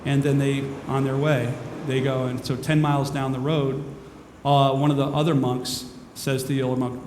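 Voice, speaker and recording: A minister speaks to a crowd in a large hall, rambling and self-mocking as he moves between jokes and spiritual points. His mid-pitched voice rings with long reverb, and a faint hiss lies underneath. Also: little pitch movement, normal speed, a little mellow. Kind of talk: humorous inspirational talk. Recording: echoey hall with faint noise.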